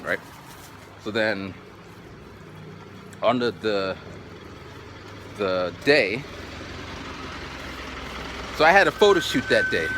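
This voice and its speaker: A man in his forties tells a casual story to his viewers, his pitch jumping around as he acts out each quote. He keeps picking the thread back up with "so then." Faint traffic hums in the background outdoors. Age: 40s. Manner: animated anecdote telling, acts out quotes, repeats "so then". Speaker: vlogger.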